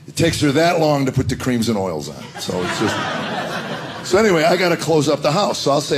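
A man's voice: medium pitch, big pitch swings, quick pace, noisy background. A man from rural Tennessee, telling folksy stand-up stories and acting out voices. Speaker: stand-up comedian. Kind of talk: stand-up storytelling.

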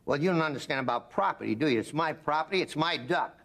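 A man voicing a big, gruff, deadpan male farmer in a low, slow drawl, recorded with background noise. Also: exaggerated voice. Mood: stern. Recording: noisy recording.

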